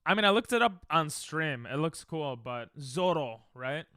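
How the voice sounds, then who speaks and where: A male streamer chats casually into a desk mic, rambling and joking and breaking off his own sentences. His voice is crisp and smooth and sits a little high. The sound is dry and close, with no room around it. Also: expressive, unhurried, sharp tone, no echo. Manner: rambling, self-interrupting, joking. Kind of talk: casual livestream chat.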